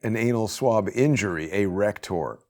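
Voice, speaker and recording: A man co-hosting a casual conversation, calm and matter-of-fact with a wry edge. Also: lowish voice, normal speed.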